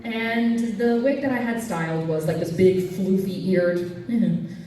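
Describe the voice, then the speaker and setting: A woman doing stand-up comedy storytelling at a convention panel, animated, jumping to squeaky highs. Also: slow. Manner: animated, jumps to squeaky highs for quoted fans. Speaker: cosplay comedian. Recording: echoey hall, mic from far off.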